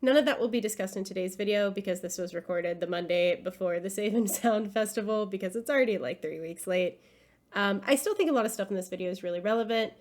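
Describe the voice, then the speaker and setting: Talking fast in a mid-range voice, a young woman gives scripted video essay commentary while sick. Her congested, nasal tone doesn't dampen her earnest enthusiasm, and fillers crop up occasionally.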